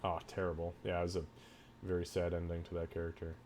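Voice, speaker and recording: A man's voice: deep voice, monotone, a little mellow, slight background noise. A man running a tabletop game over a voice call, narrating with many fillers and restarts. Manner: halting, lots of fillers and restarts while narrating. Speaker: game master.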